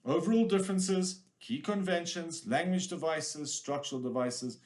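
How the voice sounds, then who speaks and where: A man teaching an exam revision lesson with lots of energy and jokes. His voice sits a little higher than most men's. He is direct and punchy when he gives instructions. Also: moderate pace, darkish tone.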